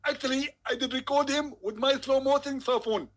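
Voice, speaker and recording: A man's voice: very high-pitched, steady tone, brisk, voice pushed up. A man voicing a smug, insistent male preacher on a call, talking emphatically and pompously. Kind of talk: comedic impression.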